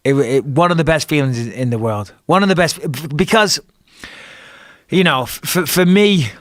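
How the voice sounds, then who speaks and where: A man's voice: a little high, normal speed, no echo, studio quality. A middle-aged man from England with an English accent, telling a fight story in casual talk, swearing and acting out his own lines. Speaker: guest, retired fighter.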